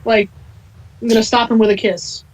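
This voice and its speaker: A woman playing in a tabletop game, speaking in a slow, wry way. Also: a little high, level tone. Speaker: player. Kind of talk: casual tabletop play. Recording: distant mic, faint noise.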